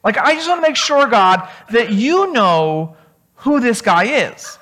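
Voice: mid-range voice, sing-song, a little slow, fairly bright tone. A preacher voicing a nervous disciple who pleads and questions God's plan in disbelief. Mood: anxious doubt. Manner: incredulous, pleading.

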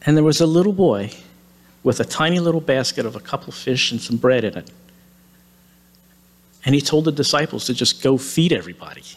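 A male preacher retelling a Bible story in a sermon, in a lively manner with casual asides. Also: medium pitch, brisk, long pauses.

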